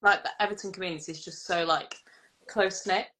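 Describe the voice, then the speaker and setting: A woman's voice: fairly low pitch, fairly even intonation, quick pace, a bit bright. Nineteen yr old girl chatting as a guest, lots of "like", laughs easy. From England. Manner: chatty, fills with "like", laughs often. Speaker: guest singer-songwriter. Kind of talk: casual chat.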